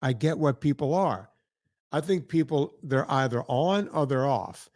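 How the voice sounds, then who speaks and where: In a clean, echo-free studio recording, a man with a mid-range, darkish voice talks expressively and without hurry. As a podcast host, he rambles through stories in relaxed conversation, checking in with "right?" again and again.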